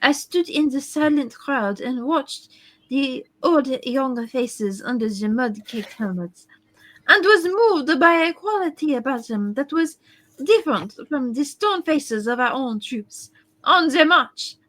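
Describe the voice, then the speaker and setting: Woman doing earnest young German girl, high voice, lively dramatic comic-book reading. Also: measured pace.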